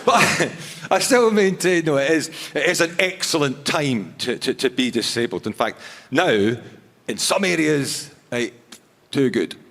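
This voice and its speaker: A man performing a stand-up set on a theatre stage, with a halting, self-mocking delivery full of restarts. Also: a little high, expressive, creaky, a bit bright. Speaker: stand-up comedian. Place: large theatre stage before a live audience. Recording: long theatre reverb.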